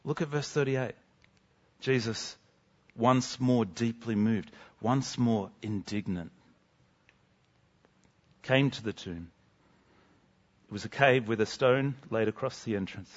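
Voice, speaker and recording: Male preacher, mid-pitched, earnest sermon delivery with hushed dramatic drops; slightly muffled recording. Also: slow, pauses often.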